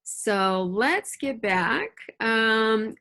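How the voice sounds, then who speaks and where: A woman's voice: fairly high pitch, lively intonation, drawn-out words, bright, forceful tone. A woman teacher reading a novel aloud to her students at home and explaining it in a casual, chatty way, checking in with her listeners, recorded on a computer mic. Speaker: middle school English teacher.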